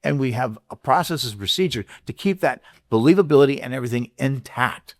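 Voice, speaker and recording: Earnest man pitching his sales method. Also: animated, a little fast. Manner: earnest, repeats himself, acts out sales letters. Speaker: guest, dealership marketing consultant. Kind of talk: casual interview talk.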